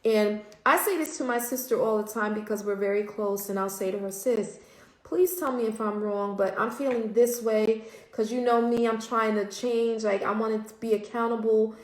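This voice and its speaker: A woman's voice: fairly high pitch, moderate pace, echoey room, low-quality recording. A middle-aged woman hosting a casual livestream, talking candidly and reflectively with frequent ums. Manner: candid, reflective, frequent ums, curses when quoting herself. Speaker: host.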